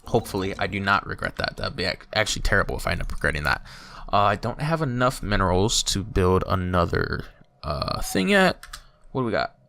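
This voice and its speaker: A man talking through a strategy game for his channel, chatty and thinking aloud, with bursts of excited exclaims. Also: sits low, fairly quick, creaky. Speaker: YouTuber playing a strategy game. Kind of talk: let's play commentary.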